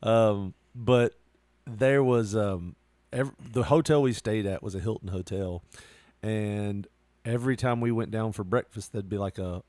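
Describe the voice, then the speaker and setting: A man's voice: on the low side, a little slow, darkish tone, no echo. A man co-hosting a podcast in casual chat, telling stories animatedly and laughing often. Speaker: podcast co-host.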